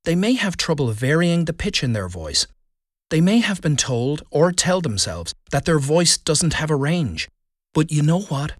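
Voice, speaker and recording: A man who coaches public speaking, giving a scripted lesson with deliberate stress on key words. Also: on the high side, sing-song, dry recording, studio quality. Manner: deliberate, emphatic delivery with stressed keywords. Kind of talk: scripted instructional narration.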